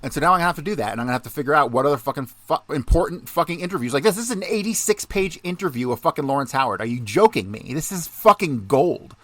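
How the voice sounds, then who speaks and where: A man's voice: on the high side, lively intonation, rapid-fire, hardly any pauses, a bit bright, no echo. Profane, heated male podcast ranter. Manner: profane, heated, swearing constantly. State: jittery from too much coffee. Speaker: podcast host. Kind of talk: ranting podcast monologue, reading documents aloud.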